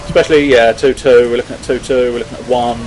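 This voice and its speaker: A man's voice: medium pitch, steady tone, fast, a little mellow, a little hiss or hum, rough recording. Rambling, swearing man commentating gameplay. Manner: rambling, swearing, self-mocking. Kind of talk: casual strategy game commentary.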